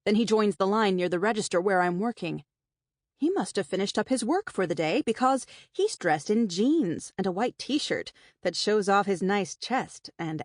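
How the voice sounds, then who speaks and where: A woman's voice: medium pitch, no room sound. A woman reading a first-person novel aloud in a wry, conversational way, close to the mic. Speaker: audiobook narrator. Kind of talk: first-person scripted narration. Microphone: close studio mic.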